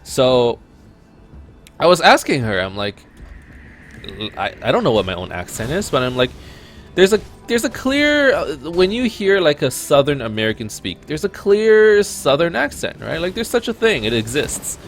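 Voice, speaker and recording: Rambling Canadian man with a lively pitch. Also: normal speed, a little hiss or hum. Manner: rambling, self-interrupting, animated. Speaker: let's play host. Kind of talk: casual gameplay commentary.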